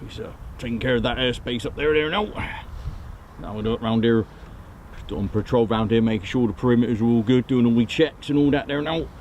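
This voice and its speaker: A man voicing a gruff RAF Regiment airman on patrol who keeps tagging "there now" onto his sentences, recorded outdoors by an airfield. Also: medium pitch, a little fast, a little mellow, lo-fi sound, slight background noise, lightly acted. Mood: gruff, chatty. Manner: repeats "round here now" and "there now" constantly.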